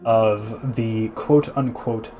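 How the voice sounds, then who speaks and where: A man's voice: lowish voice, steady tone, very slow, dark tone, faint music behind. A man streaming a casual art gallery talk, chatty, with many restarts, answering his chat. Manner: chatty, frequent restarts and fillers, laughs easily, reads chat aloud.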